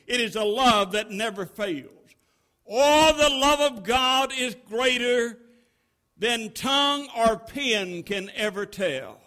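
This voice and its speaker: A man preaching a sermon, with a slow, emphatic pulpit cadence that builds to loud crescendos. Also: very high voice, expressive.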